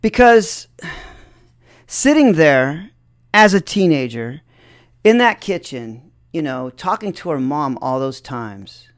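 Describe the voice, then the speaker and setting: Brief: male storyteller, unhurried, reflective, light chuckles throughout. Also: a little high, very animated. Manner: chuckles often between sentences.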